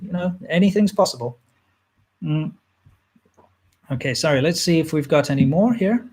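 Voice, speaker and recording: A man in his thirties talks loosely through a list of viewer questions, trailing off and restarting as he goes. His voice sits a touch on the higher side, and the whole thing has an easygoing, unscripted feel. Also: normal speed. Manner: relaxed, rambling, frequent fillers and restarts. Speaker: channel host answering viewer questions. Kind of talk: casual livestream Q&A chat.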